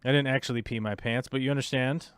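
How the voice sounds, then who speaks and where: A man hosts a casual livestream and grumbles at his own computer as he talks to viewers. His voice is smooth and clear at an ordinary middle pitch. It is recorded dry and close, with no room sound. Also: fairly even intonation, quick pace, dry recording. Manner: frustrated, mutters to himself while fiddling with software. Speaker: podcast host.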